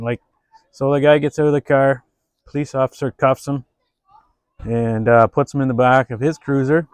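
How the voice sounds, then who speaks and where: A man hosts a laid-back beer review and tells a joke. He talks at a middling pitch with an easy, halting delivery full of fillers. His voice is dry and close to the mic. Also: steady tone, clean tone, no echo. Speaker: host.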